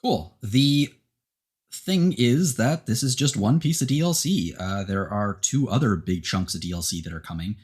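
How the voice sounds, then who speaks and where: A man with a husky, low voice hosts a casual podcast chat. He keeps things relaxed, feeding questions to his co-host. His delivery stays easygoing. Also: moderate pace.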